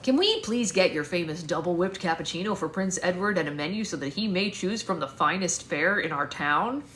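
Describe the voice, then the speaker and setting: A woman voicing an eager small-town man who speaks loudly and stammers as he fawns over a guest. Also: fairly low pitch, lively intonation, a little fast, slight background noise. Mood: fawning. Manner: loud, fawning, stammering.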